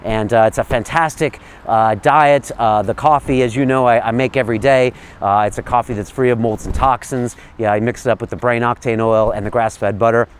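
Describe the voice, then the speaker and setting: A man's voice: medium pitch, fairly even intonation, brisk, few pauses, slight background noise. A man hosting a show, talking casually to the camera in a friendly, enthusiastic way with lots of "uh" fillers. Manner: loose, rambling, many "uh" fillers. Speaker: host.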